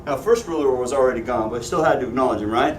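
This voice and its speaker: A man's voice: mid-range voice, quick pace, slight background noise. A man teaching a Bible class, joking and asking his students questions. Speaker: Sunday school teacher. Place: church classroom. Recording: echoey room, voice from a distance.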